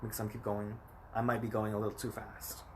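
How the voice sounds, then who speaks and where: A fairly low-pitched American man in his thirties speaks a little fast with a completely flat delivery, and a little hiss or hum sits under the recording. Talking to his phone for a personal vlog, he rambles emphatically, directly addressing whoever's watching.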